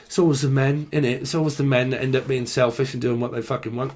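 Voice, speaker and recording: A man's voice: mid-range voice, flat delivery, fast talker, a little mellow. A young man with a London-area English accent, giving a rambling, swear-filled casual tarot reading. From Britain. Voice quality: swears a lot, slangy and rambling. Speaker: tarot reader. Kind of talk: casual tarot channelling monologue.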